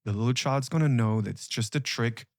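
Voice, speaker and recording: Male coach, emphatic and repetitive, mid pitch, dry close recording. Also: brisk, dry recording. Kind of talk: motivational coaching talk.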